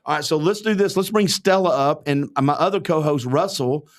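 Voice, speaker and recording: A man's voice: fairly high pitch, moderate pace. Chatty male podcast host. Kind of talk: casual livestream chat.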